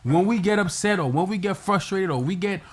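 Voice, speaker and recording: A man's voice: high-pitched, fairly quick, slightly rough. A man with a Haitian accent, co-hosting a casual talk show and acting out his own reactions as he tells a story. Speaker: co-host. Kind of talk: casual chat. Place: New York.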